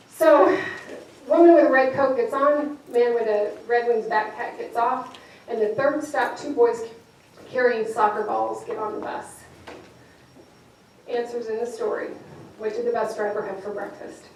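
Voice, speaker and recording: A woman's voice: on the high side, fairly even intonation, unhurried, long pauses. A woman gives a playful motivational talk, quizzing a live audience. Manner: playful, engages the audience with questions. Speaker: professional speaker. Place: large event hall. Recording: echoey hall, distant mic, noisy.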